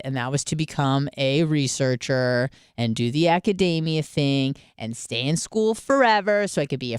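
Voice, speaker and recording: Candid young woman radio host, crisp and dry. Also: extremely low pitch, dry recording. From Michigan. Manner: candid, swearing, lively storytelling. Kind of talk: casual solo radio monologue.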